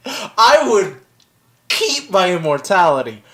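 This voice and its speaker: A woman's voice: medium pitch, very animated, slow pace, fairly bright tone. A woman co-hosting a casual podcast, ranting with lots of swearing and acting out characters. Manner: profane, ranting, acts out characters. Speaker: podcast co-host.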